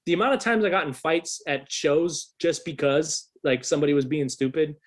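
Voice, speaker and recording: A man in his thirties, a musician guest on a podcast, telling a story in a casual, swearing, animated way. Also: on the high side, moderate pace. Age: 30s. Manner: swears freely, animated retelling.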